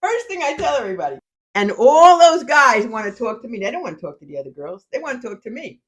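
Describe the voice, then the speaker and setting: A woman's voice: a little high, fast talker, slightly rough. An older woman, a grandmother, chatting at home and telling boastful, funny stories with lots of laughter. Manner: lively, boastful storyteller who laughs often. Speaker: podcast guest grandmother. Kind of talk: casual chat.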